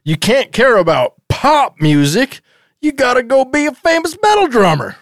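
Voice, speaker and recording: A man's voice: very high voice, sing-song, moderate pace, fairly bright tone, dry recording, clean studio sound, voice pushed up, heavily acted. A man voicing a nagging, scolding bandmate in an exasperated, barking manner.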